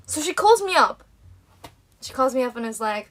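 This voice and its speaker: Young woman, livestream host: high-pitched, fast-talking, giggly rambler who acts out everyone's lines. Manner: animated and giggly, rambling with restarts; acts out other people's lines in quotes. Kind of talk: casual storytelling to fans.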